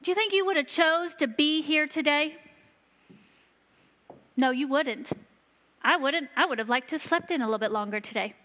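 A woman giving a sermon to a church, telling stories earnestly and slowing down for emphasis. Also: sits high, pushed and bright. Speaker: church children's ministry leader. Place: church sanctuary. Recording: long reverb of a large hall.

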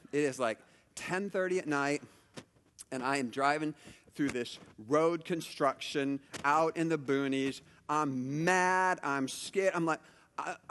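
A man's voice: mid-range voice, a bit bright, in a large hall, slight background noise. A middle-aged man preaching a conversational sermon, telling stories with lots of asides and restarts. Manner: chatty storytelling, many asides and restarts. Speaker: pastor.

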